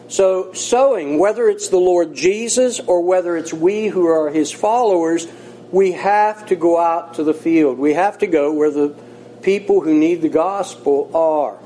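Man, pastor, sermon, high voice, warm mellow tone, earnest and folksy. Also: animated, slight background noise, poor audio. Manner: earnest, folksy, slows for emphasis.

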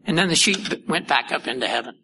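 A man preaching a sermon, teaching deliberately from the Bible and asking rhetorical questions. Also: on the high side, expressive, pushed and bright, slight background noise, poor audio.

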